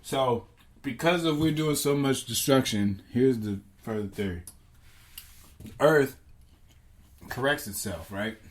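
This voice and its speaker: Man host, slow meandering comic ramble, mid-pitched. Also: animated. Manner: meandering, self-correcting, profane. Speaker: podcast host. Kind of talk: rambling comedic podcast chat.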